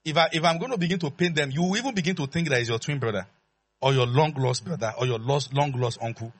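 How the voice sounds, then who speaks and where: A man preaching a sermon in an animated, playful way, calling out to the congregation. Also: mid-range voice, fast talker. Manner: animated and playful, acts out dialogue, calls out to the congregation.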